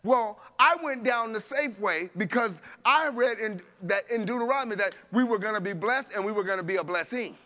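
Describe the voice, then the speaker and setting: A man preaching a sermon, telling a story with animated voices for each person and laughing along. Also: high voice, fairly quick, few pauses.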